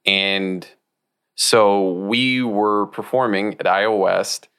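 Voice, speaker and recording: A man's voice: lowish voice, fairly even intonation, slow, a bit bright, clear, resonant tone. A man co-hosting a podcast, thoughtfully and earnestly explaining how improv flow depends on your partners. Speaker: co-host, improv performer. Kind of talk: casual podcast chat.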